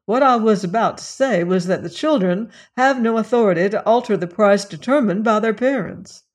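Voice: mid-range voice, moderate pace, voice pushed up, natural voice. A narrator voicing a proud, pompous male real estate agent who speaks in grand, flowery phrases, read as a character in an audiobook.

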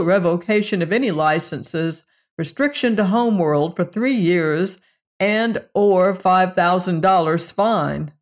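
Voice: medium pitch, close to an everyday voice. A reader voicing a stern rule-quoting man. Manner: reproachful, reciting regulations. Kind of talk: audiobook reading.

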